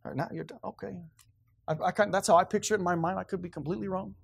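A male pastor preaching a sermon, switching between quiet asides and loud, emphatic passages. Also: sits high, fairly even intonation, rapid-fire, vocal fry, slightly rough, no echo, clean studio sound.

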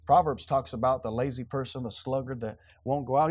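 A male pastor preaching a sermon, switching between quiet asides and loud, emphatic passages. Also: mid-range voice, a little fast, dry recording, studio quality.

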